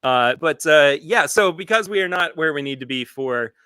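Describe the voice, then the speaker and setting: Bright, dry-sounding man hosting a stream. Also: a little high, animated, normal speed, clear, resonant tone, no echo. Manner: rambling, restarts sentences, reads viewer comments aloud. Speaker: podcast host. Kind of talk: casual live-stream chat. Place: home studio with a bar.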